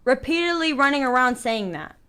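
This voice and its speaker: A woman's voice: high-pitched, animated, a little fast, a bit bright, smooth. A woman streaming live, telling her side in a defensive, rambling way, full of fillers. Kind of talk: casual storytelling on a call.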